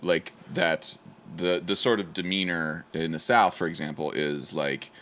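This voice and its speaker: A man's voice: low-pitched, steady tone, unhurried, fairly bright tone. A man from Ohio in casual conversation, rambling with lots of "like" and restarts. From Ohio, USA. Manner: rambling, many fillers and restarts.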